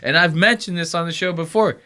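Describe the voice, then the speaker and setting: A man hosting a podcast, telling stories in a loose, profane, animated way and mocking people with quick impressions. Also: a little high. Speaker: podcast host. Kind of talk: casual podcast banter.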